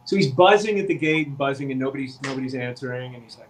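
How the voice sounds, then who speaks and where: This man, an actor visiting a podcast, delivers an extended, animated anecdote in casual storytelling, dramatizing the quoted lines. He speaks rapid-fire at medium pitch, with a little hiss or hum on a low-quality recording.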